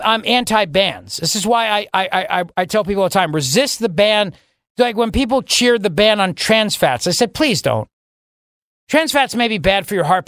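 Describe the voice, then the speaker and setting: A man's voice: high voice, fairly bright tone, no echo, clean studio sound. A man hosting a talk radio show, delivering a sarcastic, opinionated monologue and acting out mock dialogues.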